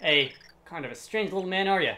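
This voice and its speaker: A gamer voicing a burly, boastful male warrior brute in a rough attempt at a Scottish accent, reading game dialogue in character. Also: medium pitch, lively intonation, brisk, bright, forceful tone. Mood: gruff. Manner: bellowing, gruff, boisterous.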